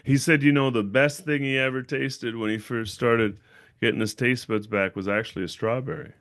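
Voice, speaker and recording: A man hosting a casual livestream, telling a story in a blunt, profane, animated way and acting out other people's voices. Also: medium pitch, normal speed, dry recording, studio quality. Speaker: channel owner and host.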